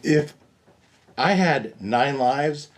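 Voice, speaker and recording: A man's voice: medium pitch, animated, extremely slow. A man playing a tabletop game, chatting and joking wryly about his character. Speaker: player. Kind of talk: casual chat.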